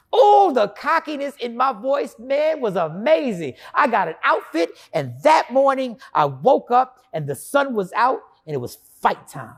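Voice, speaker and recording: A man's voice: very high voice, very animated, a little slow, hardly any pauses. A man telling a personal story in a monologue, acting out his past self and his inner voices. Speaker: storyteller recounting his own experience.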